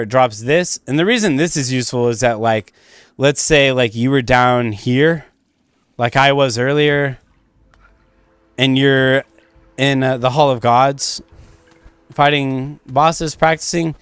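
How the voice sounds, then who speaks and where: A man's voice: mid-range voice, unhurried, fairly bright tone, clear, resonant tone, dry recording. A young man streaming a game, rambling casually through commentary and swearing freely.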